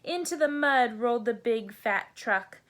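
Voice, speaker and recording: A woman, a teacher, reading a children's bedtime picture book aloud in a gentle sing-song way. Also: fairly high pitch, lively intonation, a little slow. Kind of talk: children's storybook read-aloud.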